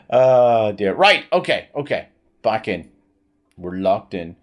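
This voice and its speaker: A man's voice: big pitch swings, drawn-out words. A man in his thirties chatting on a live game stream, rambling with many fillers and restarts. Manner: pitch swings widely.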